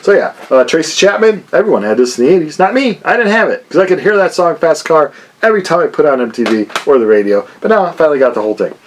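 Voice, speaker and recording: Lively rambling man showing off records. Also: fairly high pitch, quick pace, a little hiss or hum. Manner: rambling and jokey, many fillers. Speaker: vinyl and CD collector, channel host. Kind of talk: casual chat showing a record haul.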